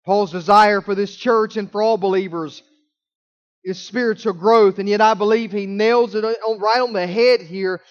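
High-voiced preacher, emphatic and drawn-out. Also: male voice, steady tone, muffled recording. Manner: emphatic preaching, slowing down and drawing out key words. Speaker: pastor. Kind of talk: sermon.

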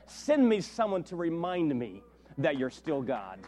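A man preaching a sermon as a pastor, telling a story with lively acted-out dialogue. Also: sits high, moderate pace. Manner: animated storytelling, acts out dialogue with big swings in loudness. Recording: long reverb of a large hall.

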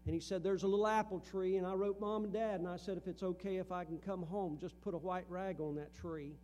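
A man's voice: high-pitched, steady tone, a little fast, darkish tone, lo-fi sound, slight background noise. A middle-aged man preaching a sermon in a church, earnest, with a rising and falling preaching cadence. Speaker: pastor. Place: church sanctuary.

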